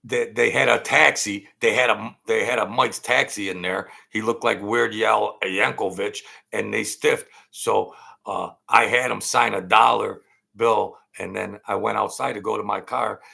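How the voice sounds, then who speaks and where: A man hosting his own channel, telling a long casual story in a rambling, halting way, full of fillers and restarts. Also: lowish voice, steady tone, gravelly, bright, forceful tone, husky. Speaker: channel host telling stories.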